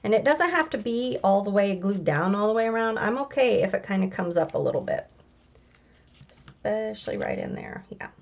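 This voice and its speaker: Gravelly woman talking through a craft. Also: mid-range voice, lively intonation, moderate pace, muffled recording. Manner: chatty, homey, talks through each step. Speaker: craft tutorial host. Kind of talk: casual step-by-step craft demonstration.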